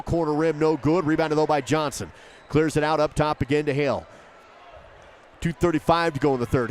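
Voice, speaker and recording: A man calling a high school basketball game play by play, rapid and rising with each basket. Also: slight background noise. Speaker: play-by-play commentator. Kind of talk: live basketball commentary.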